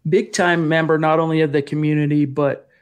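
A man hosts a casual live-stream podcast, his voice sitting a little high for a man. He talks with steady energy as he reads out viewer comments and thanks donors one by one. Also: fairly quick, clean tone. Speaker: podcast host.

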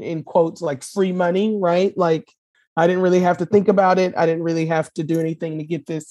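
Mellow-voiced woman chatting loosely. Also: on the low side, dry recording. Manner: rambling, many fillers and restarts. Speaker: podcast guest. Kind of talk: casual chat.

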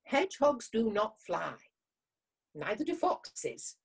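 A woman's voice: fairly high pitch, sing-song, slow, creaky, breathy edge, voice pushed up, full character voice. A woman voicing a tired, grumpy little male hedgehog who snaps and grumbles. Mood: indignant. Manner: snappish, grumbling.

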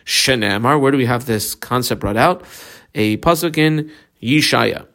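A man's voice: mid-range voice, measured pace, fairly bright tone. A man teaching a Talmud class, reading each Hebrew or Aramaic phrase aloud and then explaining it in English. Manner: guides students through marking the text.

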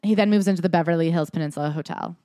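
A woman's voice: lowish voice, very fast, warm tone, no echo, clean studio sound. A woman co-hosting a podcast, giving skeptical, opinionated commentary in casual chat. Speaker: podcast co-host. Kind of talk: casual chat recapping a book.

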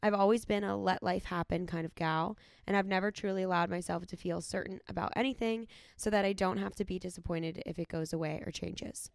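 Gravelly-voiced woman reading vows. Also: fairly low pitch, steady tone, brisk, few pauses, no room sound, studio quality. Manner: tender, sincere, teasing. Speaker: podcast co-host. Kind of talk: reading wedding vows aloud.

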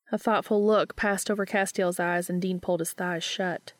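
A woman narrating a story in a steady, even-paced reading. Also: fairly low pitch, moderate pace, no echo, clean studio sound. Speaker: audiobook reader.

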